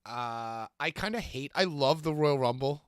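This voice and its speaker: A man co-hosting a podcast, rambling excitably about wrestling and swearing as he goes. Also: mid-range voice, measured pace, smooth, no echo, studio quality. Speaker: podcast co-host. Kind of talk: casual wrestling chat.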